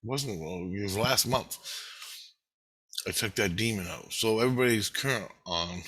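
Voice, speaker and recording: A vlogger with a lowish, slightly breathy voice talks at a moderate pace through a wandering anecdote. His casual monologue is animated and profane, and he imitates the people he's quoting.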